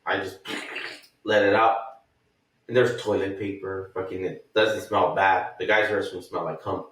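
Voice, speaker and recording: Recorded off mic in a very echoey room, this co-host chats casually on a podcast, his low voice steady, unhurried and fairly bright. He wanders through a foul-mouthed story, performing other people's lines along the way.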